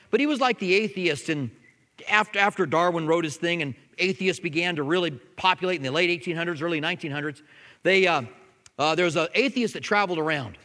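A man pastor preaching a sermon in a conversational way, at times dropping to soft, intense tones. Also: high-pitched, in a large hall.

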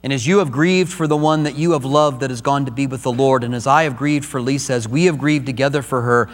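A man's voice: medium pitch, fast talker, few pauses, long reverb tail. A middle-aged man preaching a sermon as pastor, emotional and rising to urgent emphasis.

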